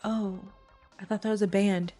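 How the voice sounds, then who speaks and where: A woman co-hosting a podcast in casual chat, playful and quick to laugh. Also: medium pitch, steady tone, over music. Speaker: podcast co-host.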